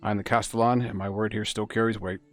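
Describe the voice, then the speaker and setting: A man voicing a gruff, blunt male village castellan with a gravelly voice, reading game dialogue aloud. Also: lowish voice, little pitch movement, fast talker, soft background music, close to an everyday voice. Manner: blunt, matter-of-fact.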